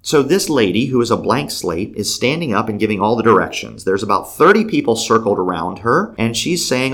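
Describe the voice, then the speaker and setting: A man telling a faith story in an animated way, acting out the quoted people with big jumps in pitch and laughing between lines. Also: fairly quick, few pauses.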